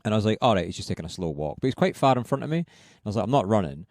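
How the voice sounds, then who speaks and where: A man's voice: lowish voice, rapid-fire, no room sound, clean studio sound. A Scottish man co-hosting a podcast, chatting casually and telling stories with frequent laughs. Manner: lively storyteller, laughs often, swears casually. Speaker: podcast co-host. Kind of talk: casual chat.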